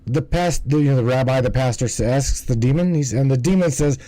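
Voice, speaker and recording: A man's voice: medium pitch, a little fast, mellow, no echo, rough recording. A man hosting a livestream in casual commentary, rambling and swearing, often stumbling and restarting his words. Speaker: livestream host.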